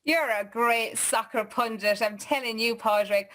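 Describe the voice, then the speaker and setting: A woman's voice: on the high side, fairly even intonation, unhurried, a bit bright. Upbeat woman hosting a chat show. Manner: upbeat, chatty, reads comments aloud. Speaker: host. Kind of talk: live online chat show, reading viewer comments.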